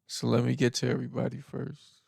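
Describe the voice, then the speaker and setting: A man with a deeply gravelly, crackling voice tells stories on his podcast. He rambles in a laid-back way, chuckling and tossing in asides. The sound is dry and close, with no room around it. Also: monotone, fairly quick, darkish tone, dry recording. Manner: laid-back rambling with frequent laughs and "you know". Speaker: podcast host. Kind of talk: casual storytelling monologue.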